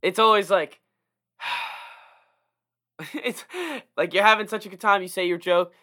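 A man's voice: sits high, takes it slowly. A young man co-hosting a podcast, chatting casually and acting out people's reactions. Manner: animated, acts out quoted reactions. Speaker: podcast co-host. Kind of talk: casual chat.

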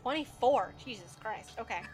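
A woman's voice: on the high side, animated, normal speed, over music. A woman narrating a tabletop game as game master, in a chatty, filler-heavy way.

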